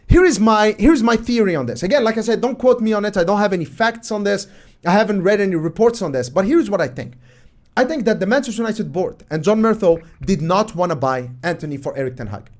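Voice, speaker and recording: This football analysis host, a man whose voice sits fairly high, commentates on match footage in an expressive, brisk way. Opinionated and emphatic, he repeatedly throws out exasperated rhetorical questions.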